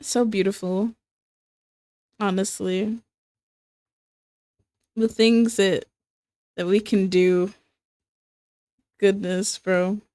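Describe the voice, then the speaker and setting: Young female streamer, casual drawing chat, slow filler-heavy delivery, dry mic. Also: mid-range voice, dark tone, no room sound. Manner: rambling, filler-heavy, breaks into laughter. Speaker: streamer and illustrator.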